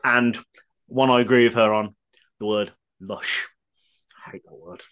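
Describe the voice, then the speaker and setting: A man's voice: on the low side, fairly even intonation, measured pace, fairly bright tone, clean tone. A man co-hosting a podcast in casual chat, reading out listener comments with jokey, sarcastic asides.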